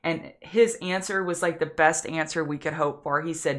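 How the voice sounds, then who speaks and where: A woman's voice: low voice, fairly even intonation, a bit bright. A woman hosting a live stock market prep show, chatty and easily emotional as she walks through charts. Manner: chatty, emotional, quick to tear up. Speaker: market analyst host. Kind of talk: live trading show commentary.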